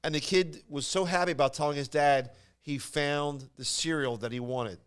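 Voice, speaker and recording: Smooth-voiced man telling a rambling story. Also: on the high side, steady tone, moderate pace. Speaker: podcast co-host. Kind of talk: casual chat.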